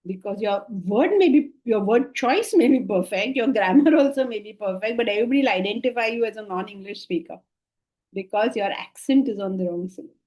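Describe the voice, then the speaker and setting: A middle-aged woman teaching a scripture class to listeners, questioning and emphatic, shifting between soft asides and lively stresses. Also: medium pitch, fairly quick, muffled recording. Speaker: Vedanta teacher.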